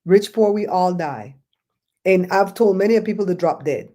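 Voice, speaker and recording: A woman's voice: mid-range voice, normal speed. Blunt ranting woman host. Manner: blunt, animated storytelling with mocking quoted voices. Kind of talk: casual talk-show rant.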